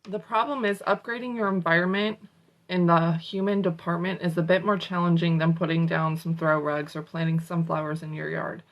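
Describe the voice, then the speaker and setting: A woman reads a self-help book aloud in a lowish voice with a gravelly fry. She breaks off for casual, salty asides in a sassy tone. She is a motivational host working through a chapter. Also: low-quality recording.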